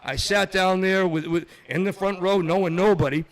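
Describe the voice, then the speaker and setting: A man's voice: high-pitched, normal speed. A middle-aged man from Massachusetts, a podcast guest telling stories in casual chat, acting out the voices of other people. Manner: animated storyteller, acts out other people's voices.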